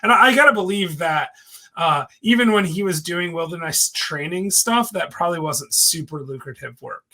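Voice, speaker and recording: A man co-hosting a podcast, chatting casually and telling jokes in an animated way. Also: on the high side, normal speed. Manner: joking, animated storyteller. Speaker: podcast co-host. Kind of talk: casual chat.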